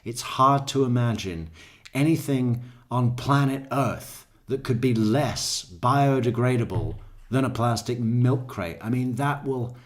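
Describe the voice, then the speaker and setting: A male true crime commentator talks slowly and casually, drifting between thoughts. He swears freely and chuckles at his own asides. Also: medium pitch. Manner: profane, rambling, laughs at own jokes. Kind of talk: casual commentary over court footage.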